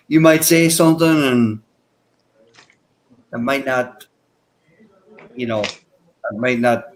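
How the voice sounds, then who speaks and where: A man's voice: mid-range voice, poor audio. A man in a casual voice chat, rambling and repeating himself a lot. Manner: rambling, lots of "you know" and repeats. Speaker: voice chat participant.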